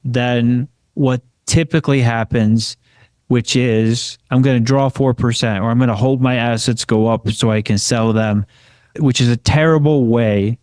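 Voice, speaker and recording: A man's voice: medium pitch, fairly even intonation, a little slow, a little mellow, dry recording. Man co-host, confident finance talk, dry close mic. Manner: confident, tags questions with "right?". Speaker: podcast co-host, financial advisor. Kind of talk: casual explanatory talk.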